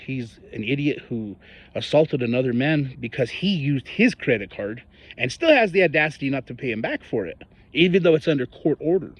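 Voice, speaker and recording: A man's voice: medium pitch, lively intonation, brisk. Heated ranting man from northern New Mexico. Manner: heated, ranting, mocking voices of others. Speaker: local political commentator. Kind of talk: angry personal monologue.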